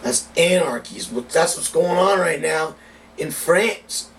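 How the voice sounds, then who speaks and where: In a slow but animated voice on the high side, a cigar-reviewing vlogger launches into a profane, heated political monologue. A faraway mic catches him along with faint background noise.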